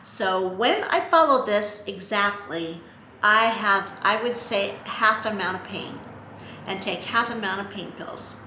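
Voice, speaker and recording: A middle-aged woman talks casually to her camera in a chatty, earnest way, full of ums and little restarts. Her voice is bright and forceful. The room around her is echoey, with faint ambient noise behind. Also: mid-range voice, lively intonation, unhurried. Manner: chatty, earnest, lots of fillers. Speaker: vlogger.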